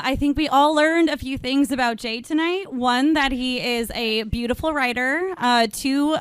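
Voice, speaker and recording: A woman hosting a live storytelling night, playful and unhurried as she thanks one speaker and calls up the next. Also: high voice, fairly bright tone, clean tone, no room sound. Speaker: event host. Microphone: stage microphone.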